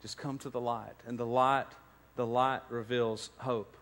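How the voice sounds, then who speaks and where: A pastor's sermon echoes with a long reverb tail through a church sanctuary. His mid-range voice is a bit bright, delivered flatly and unhurriedly, moving from storytelling into emphatic preaching.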